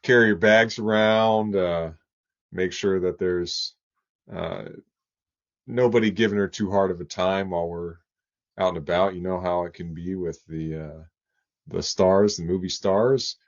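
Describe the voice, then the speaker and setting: A man voicing a humble, shy male stuntman who speaks haltingly, full of "uh" and "you know", on dull lo-fi audio. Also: deep voice, steady tone. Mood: earnest.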